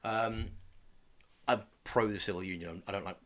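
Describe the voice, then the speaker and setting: With a fairly low, a bit bright voice and fairly even intonation at normal speed, this thirtysomething podcast co-host runs through events in casual comedic chat. His humor stays dry and jokey.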